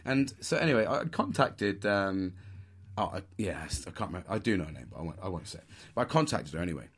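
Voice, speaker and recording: Guy on a podcast, swears loads, lowish voice, just chatting. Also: sing-song, quick pace, a bit bright, breathy edge. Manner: swears a lot, puts on mock posh voices. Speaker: podcast host. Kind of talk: casual storytelling.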